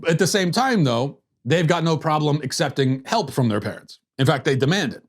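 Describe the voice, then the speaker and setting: A man's voice: fairly high pitch, animated, brisk, few pauses. A man hosting a political commentary podcast, talking in a sarcastic, mocking way with frequent restarts and repeated words. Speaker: host.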